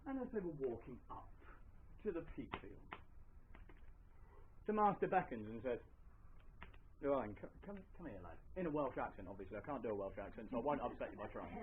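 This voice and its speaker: A man's voice: medium pitch, lively intonation, fairly quick, long pauses. A man telling a folk tale live in a hall, chatty and throwing asides to the audience. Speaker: storyteller. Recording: tinny lo-fi live recording, faint hiss.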